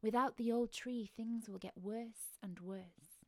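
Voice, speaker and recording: A woman's voice: on the high side, steady tone, slow pace, no echo. A woman voicing a wise, secretive male kingfisher in a spoken storybook, grave and courteous.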